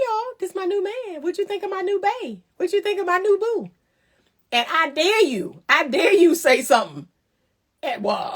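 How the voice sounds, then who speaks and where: Animated woman giving blunt dating advice. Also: on the high side. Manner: animated, preachy and teasing, acts out voices. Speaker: relationship talk host. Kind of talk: casual advice monologue.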